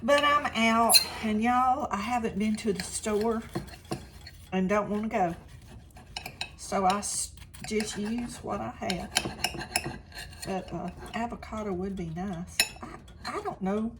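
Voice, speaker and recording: An older woman chats straight to viewers in her home kitchen, cooking and tasting food on camera for a casual vlog. Her medium-pitched voice has fairly even intonation, she takes it slowly and pauses often, and the recording is very noisy.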